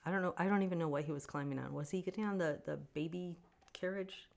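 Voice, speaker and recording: A woman with a lower-pitched voice chats casually on a livestream, reading out and answering fans' comments. She is animated and opinionated and laughs easily between thoughts. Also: quick pace, creaky. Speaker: author hosting a fan Q&A stream.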